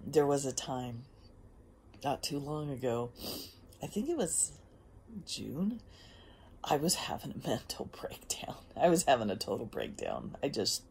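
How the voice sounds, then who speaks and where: Low gravelly woman, casual motivational talk. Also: slight background noise. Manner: emphatic, drifts between soft whispers and bursts. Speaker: host. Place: outdoors.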